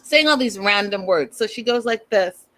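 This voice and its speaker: Brief: animated, sassy female host, casual slangy recap, mid-pitched voice. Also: moderate pace.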